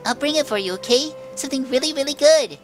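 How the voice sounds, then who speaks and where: A man doing a chirpy high-voiced schoolgirl. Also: expressive, fast, music in the background. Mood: eager. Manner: chirpy, pleading falsetto. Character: peppy athletic teenage schoolgirl, eager, apologetic.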